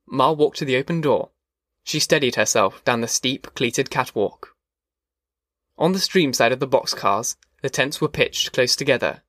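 A man reading a novel aloud as an audiobook narrator, measured and steady. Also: mid-range voice, dry recording, studio quality.

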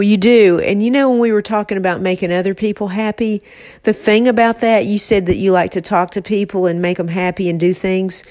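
In this casual, heartfelt podcast chat, a co-host talks with her mother from an office, warm and emotional with occasional teasing. Her voice is medium in pitch with a darkish tone.

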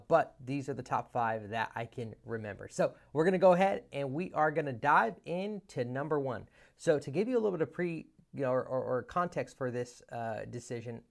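A man in his thirties, a business coach, telling a story in a casual, animated monologue, often restarting his sentences and acting out the dialogue. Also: mid-range voice, creaky. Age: 30s.

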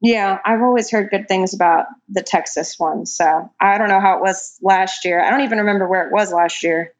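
Talking a little fast in a medium-pitched voice, a woman in her twenties who works as a falconer tells stories during a casual chat as a guest. She's chatty and fills her speech with lots of "likes" and other fillers.

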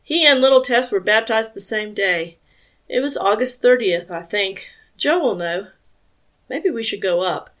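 A woman gives an easygoing man in an audiobook who chats about old times in a relaxed, meandering way. He speaks. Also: medium pitch, a little slow. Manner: relaxed, rambling recall. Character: adult man, easygoing Southern family friend.

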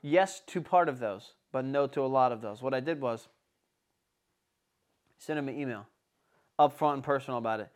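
A young man telling a story in casual chat, animated and swearing a lot. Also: medium pitch, moderate pace, pauses often. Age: young adult.

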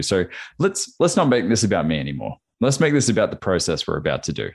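A man's voice: deep voice, huge pitch swings, fast talker, vocal fry, few pauses. A young man, chatting in a laid-back, slangy way and swearing. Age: young adult. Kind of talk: casual chat.

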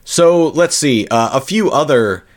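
A podcast co-host chats casually, rambling with dry humor and correcting himself often. His mid-range voice is animated but unhurried.

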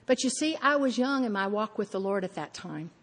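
A woman's voice: mid-range voice, animated, brisk, big-room sound. A woman preaching a sermon, telling stories animatedly and acting out her own thoughts.

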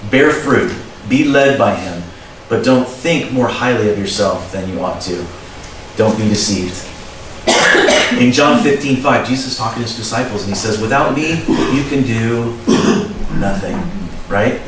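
A middle-aged man preaching a sermon in a relaxed, conversational way, reading scripture and adding chuckling asides. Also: on the low side, moderate pace. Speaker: pastor. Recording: very echoey room, distant mic, faint noise.

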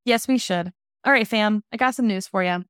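A woman's voice: mid-range voice, fairly quick, smooth, no echo, clean studio sound. A young woman co-hosting a food podcast, talking in a casual, chatty way, full of little fillers. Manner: chatty, filler-heavy, warm and emotional in farewell. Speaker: podcast co-host. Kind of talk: casual chat.

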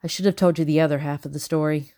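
A woman voicing a quiet, serious young boy who speaks earnestly. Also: deep voice, steady tone, quick pace.

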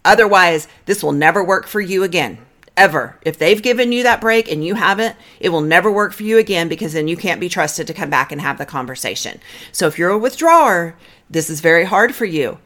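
A middle-aged woman therapist talks straight to her listeners on a podcast. Her low voice moves through a wide, lively range as she coaches them firmly through each step. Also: brisk. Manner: direct, coaching, guides breathing counts. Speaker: marriage therapist and podcast host. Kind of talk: podcast advice talk.

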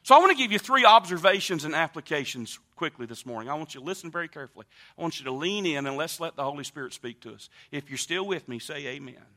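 Man, pastor, sermon, emphatic, high-pitched, bright tone. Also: lively intonation, fast talker. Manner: emphatic preaching with repetitions and wide swings in loudness.

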